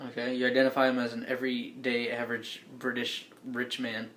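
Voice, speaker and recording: A man's voice: medium pitch, completely flat delivery, fairly bright tone, a little hiss or hum. Easygoing man running a tabletop game. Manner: casual, halting, tries bad accents for side characters. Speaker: game master. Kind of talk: narrating a tabletop role-playing game.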